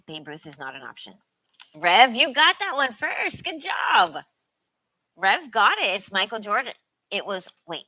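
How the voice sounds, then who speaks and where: A woman's voice: medium pitch, wildly swooping pitch, a little slow, pauses often, pushed and bright, rough recording. A woman hosting a casual trivia stream, playful and laughing often as she reads out chat.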